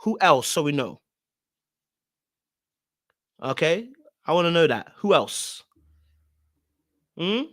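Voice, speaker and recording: A man commenting off the cuff in a fairly high voice, emphatic and blunt, leaning on slang and repetition. His sound is close and completely dry. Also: very animated, slow, pauses often, fairly bright tone, dry recording. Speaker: reaction commentator. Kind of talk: casual reaction commentary.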